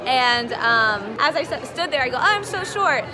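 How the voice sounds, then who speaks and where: A young woman vlogging in a busy convention hallway, chatting fast and giggling as she tells stories. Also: high-pitched, animated, a crowd in the background. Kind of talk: casual vlog chat. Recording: noisy crowded hall with music.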